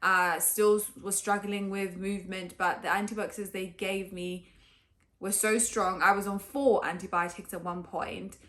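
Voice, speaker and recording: A woman's voice: mid-range voice, fairly even intonation, moderate pace, a bit bright. A woman telling a personal story to camera in a chatty way, full of fillers and acted-out quotes. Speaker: vlogger.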